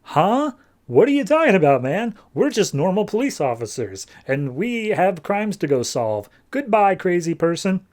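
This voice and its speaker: A man's voice: sits high, big pitch swings, moderate pace, darkish tone, pitched above the performer's own voice. A man voicing an exasperated young female vigilante with a sarcastic, impatient delivery.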